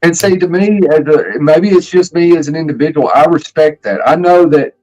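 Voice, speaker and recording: A man with a slightly high voice talks in a casual stream chat. He rambles earnestly and swears freely. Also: normal speed, darkish tone, lo-fi sound, soft background music.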